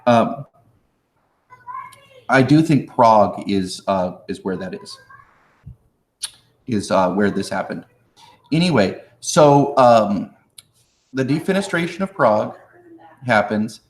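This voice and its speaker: A man's voice: lowish voice, expressive, slow pace, pauses often. A man teaching history in a casual live review, joking with viewers in chat and acting out historical figures in slangy voices. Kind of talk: live-streamed exam review. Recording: echoey room.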